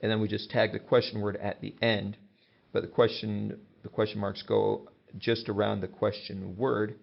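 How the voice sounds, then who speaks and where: A man teaches a grammar lesson in a patient, explanatory way, stepping through example sentences one at a time. His voice sits low and has a gravelly edge. The recording sounds dull and lo-fi. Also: flat delivery, moderate pace.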